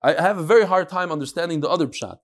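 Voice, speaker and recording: A man with a fairly high speaking voice leads an informal Talmud class in a room with listeners. He drifts from the text into asides and wisecracks, dropping Hebrew and Yiddish terms into his English as he goes. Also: rapid-fire. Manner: digressive and joking, mixing in Hebrew and Yiddish terms. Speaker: rabbi teaching a class. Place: classroom with a live audience.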